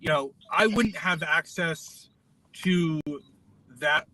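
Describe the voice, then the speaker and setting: A man's voice: fairly high pitch, slow, bright, forceful tone, poor audio. A man who works as a delivery driver, chatting casually while he drives, thinking aloud with plenty of fillers. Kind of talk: casual chat while driving.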